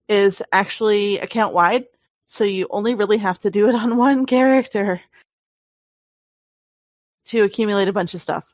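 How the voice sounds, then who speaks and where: A woman's voice: mid-range voice, normal speed, long pauses, dry recording. A woman co-hosting a gaming podcast, chatting casually and explaining things with fillers and restarts. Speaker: podcast co-host.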